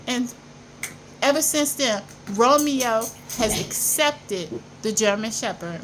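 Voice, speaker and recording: High-voiced woman telling a story emphatically. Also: animated, slow pace, fairly bright tone, slight background noise, poor audio. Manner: emphatic and repetitive, insisting she is not lying. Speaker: vlogger. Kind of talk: casual storytelling to camera.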